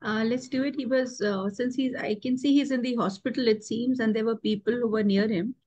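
A woman speaks hesitantly in an online meeting, filling pauses as she thinks. Her voice sits fairly high. The sound comes over a video call. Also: fairly even intonation, darkish tone. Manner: hesitant, many fillers. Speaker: meeting participant.

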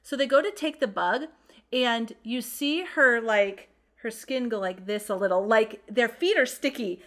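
A woman's voice: on the high side, unhurried, fairly bright tone. A woman in her thirties, a mother, co-hosting a casual podcast in a chatty, self-deprecating way with frequent "um"s. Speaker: podcast co-host. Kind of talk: casual chat.

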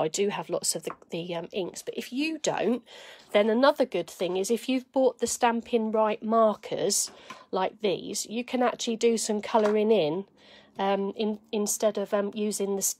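A woman's voice: medium pitch, darkish tone. A woman giving a live craft demonstration, chatting to viewers and thinking aloud as she works.

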